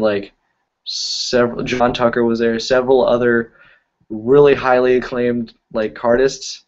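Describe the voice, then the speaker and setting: A man's voice: medium pitch, highs cut off. A man hosting a casual live stream about magic, telling stories in a rambling way, correcting himself and laughing often. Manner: rambling, self-correcting storytelling with frequent laughs. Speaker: YouTube magic and cardistry creator. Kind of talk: casual live-stream chat answering comments.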